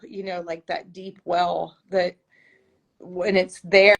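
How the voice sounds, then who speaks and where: A woman's voice: fairly low pitch, level tone, takes it slowly, gravelly. A woman co-hosting a casual faith podcast, reflective and grieving, often searching for her words. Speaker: podcast co-host.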